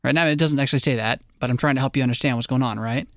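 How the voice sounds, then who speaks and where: A man preaching a sermon in a conversational way, with wry asides and quick digressions. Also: mid-range voice, no room sound, studio quality. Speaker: pastor.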